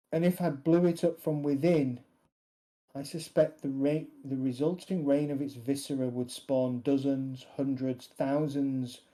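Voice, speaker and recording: A man voicing a calm, matter-of-fact man who plans to blow up a monster, speaking flatly and without emotion. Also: mid-range voice, close to an everyday voice, low-quality recording. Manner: flat, unemotional, deliberate.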